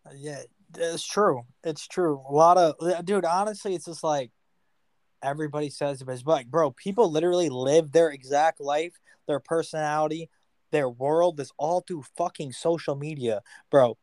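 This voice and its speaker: Blunt, profane man, slightly high voice. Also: normal speed, darkish tone, dry recording. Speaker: podcast co-host. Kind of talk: casual chat.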